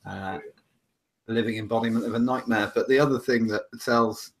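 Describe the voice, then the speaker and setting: A man co-hosting a casual chat show, talking with excitable energy. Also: mid-range voice, brisk. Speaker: co-host.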